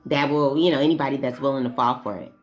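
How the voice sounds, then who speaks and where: Woman, low voice, blunt, profane, casual vlog monologue, rambling. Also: fairly even intonation, fast talker, lo-fi sound. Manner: blunt, profane, goes off on tangents. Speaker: vlogger.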